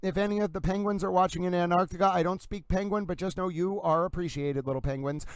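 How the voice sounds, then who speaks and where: Effusive showman streamer, smooth voice. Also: high-pitched, fairly even intonation, fast talker, no room sound. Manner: theatrical and effusive, keeps saying "ladies and gentlemen". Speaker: livestream host. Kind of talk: livestream commentary.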